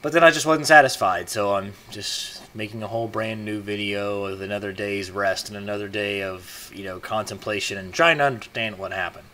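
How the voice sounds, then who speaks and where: A man's voice: lowish voice, brisk, few pauses, pushed and bright. A man talking to camera in a casual monologue, rambling with many fillers and restarts. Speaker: video blogger.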